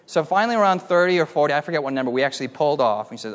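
A man preaching a lively sermon, telling a playful story and calling on the audience for amens. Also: fairly high pitch, rapid-fire, hardly any pauses, in a large hall. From United States.

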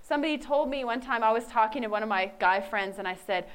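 A woman's voice: on the high side, fast, hardly any pauses, smooth. A woman in her forties giving a candid, self-mocking personal faith testimony. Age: 40s.

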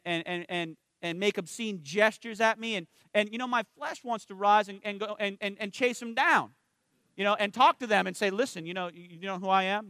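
A man preaching with a high, bright voice in a dry, close sound. He keeps it conversational and asks his listeners for an "amen" now and then. He slows right down and goes quiet when he lands a spiritual point. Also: clean tone, dry recording. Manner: conversational, asks the congregation for responses. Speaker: minister. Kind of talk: sermon with personal stories.

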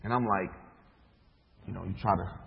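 A man's voice: deep voice, fairly even intonation, moderate pace, vocal fry. A man, a minister, preaching a sermon, telling a story with acted-out dialogue and rhetorical questions. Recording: dull echoey hall recording.

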